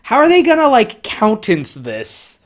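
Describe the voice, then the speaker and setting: A man giving a profane, sarcastic commentary while reading from comic panels. He swings between excited outbursts and mocking lows. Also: normal speed. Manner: sarcastic, profanity-laden ranting. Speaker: comic book reviewer.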